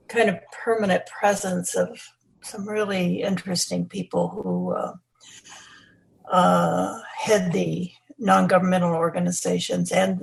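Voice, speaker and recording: An older woman, a guest historian and author, reflecting in an interview with a husky, creaky voice and many "um"s. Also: fairly low pitch, low-quality recording. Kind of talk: interview conversation.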